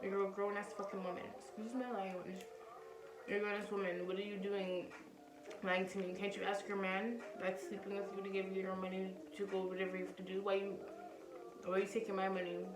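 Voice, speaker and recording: A woman's voice: medium pitch, level tone, a little fast, music in the background. A young woman vlogger casually telling a personal story to the camera, candid and chatty. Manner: candid, chatty, acts out other people's lines. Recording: roomy, distant from mic, background noise.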